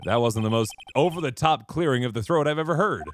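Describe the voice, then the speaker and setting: A man's voice: mid-range voice, fast talker, a little hiss or hum. A man streaming a game, chatting and laughing as he comments. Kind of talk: let's-play commentary.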